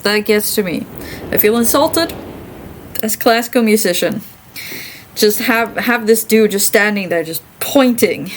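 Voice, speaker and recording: Slow-talking tired woman streamer. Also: medium pitch, a little hiss or hum, low-quality recording. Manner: rambling, animated venting with laughter. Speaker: streamer and classical musician. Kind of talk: casual chat while streaming a game.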